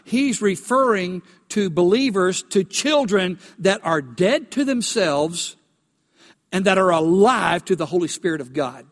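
A man preaching in a church with a very high voice. He asks the congregation questions and builds to emphatic peaks. His words ring out with a long hall reverb. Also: animated, unhurried. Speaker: pastor. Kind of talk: sermon. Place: church sanctuary.

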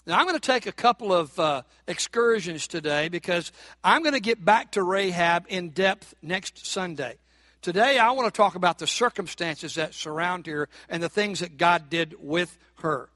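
High bright-voiced preacher man, dry close sound, builds up emphasis, asks the crowd questions. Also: expressive, normal speed, no echo. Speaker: pastor. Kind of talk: sermon.

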